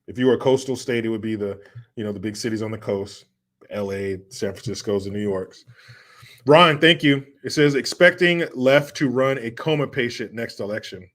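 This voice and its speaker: A sarcastic man hosts a casual livestream, reading viewer comments and ranting at length. He swears freely and mocks what he dislikes. His voice sits at an ordinary middle pitch. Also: moderate pace, fairly bright tone. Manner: profane, sarcastic, mocking impressions. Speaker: livestream host reading chat.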